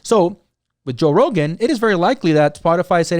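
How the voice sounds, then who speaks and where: A man's voice: on the high side, big pitch swings, fairly quick, a little mellow, dry recording, studio quality. A man hosting his own podcast, talking through his opinions in casual solo commentary, rambling, with many "you know"s and "right?"s. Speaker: podcast host.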